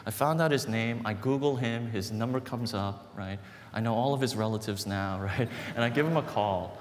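A man's voice: lowish voice, normal speed. A man preaching as a pastor, telling a story in an earnest, conversational way and building to emphatic points. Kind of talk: sermon storytelling. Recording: long hall reverb, faint background noise.

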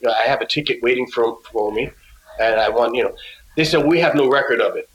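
A male guest musician telling a casual story in a halting way, with many restarts and laughs. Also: medium pitch, fairly bright tone, roomy sound, a little hiss or hum, poor audio.

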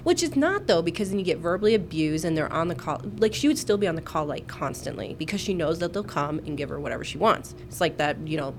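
A woman on a nurse podcast talks in casual chat, blunt and full of swearing, with a lowish voice. She laughs often as she vents about patients. A faint hiss sits under the recording. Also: lively intonation, quick pace, few pauses.

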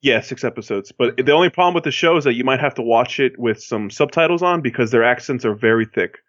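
A man from Miami chats casually as a podcast co-host. He rambles, full of fillers and restarts. His voice sits at an ordinary middle pitch and comes through a dull, lo-fi recording. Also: fast talker, a bit bright, dry recording. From Miami, Florida. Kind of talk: casual chat. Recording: dull lo-fi sound.

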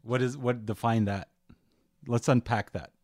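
A man's voice: mid-range voice, fairly even intonation, measured pace, darkish tone, dry recording, studio quality. A man hosting a casual podcast interview, joking and rambling with frequent laughs. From Manitoba, Canada. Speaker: podcast host.

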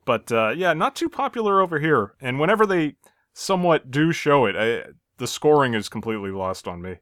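A man's voice: fairly high pitch, sing-song, brisk, a bit bright, no room sound, clean studio sound. An American man hosting a podcast in casual chat, easygoing, often chuckling and hedging with "I think". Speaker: podcast host.

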